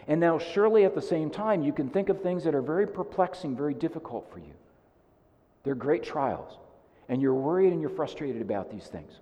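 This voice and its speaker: A male pastor preaching in a mellow, warm voice at a middle pitch. He speaks earnestly and repeats his points, often dropping soft on the key lines, and a long reverb trails each phrase. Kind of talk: sermon.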